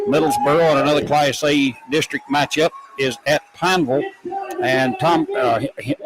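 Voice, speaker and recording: A man calling a high school football game play by play, folksy and excitable. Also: low-quality recording. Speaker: play-by-play announcer.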